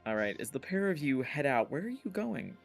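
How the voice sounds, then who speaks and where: A man narrating as game master, unhurried and halting, with many fillers. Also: mid-range voice, big pitch swings, creaky, soft background music.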